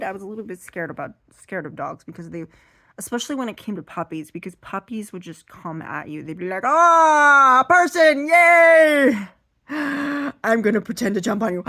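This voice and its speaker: A woman does seated stand-up comedy, rambling along in an animated way. Her voice sits low-ish, and the sound is dry and close. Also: dry recording.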